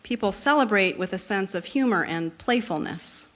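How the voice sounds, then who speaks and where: A woman giving scripted informational narration in an even, explanatory manner. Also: medium pitch, moderate pace.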